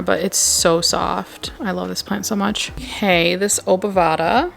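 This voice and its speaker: A woman's voice: on the low side, vocal fry, a bit bright. A young woman chatting casually and gushing as she films a tour of her plant shelves at home on a handheld camera. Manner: gushing, chatty, drops to a whisper at times. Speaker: plant vlogger.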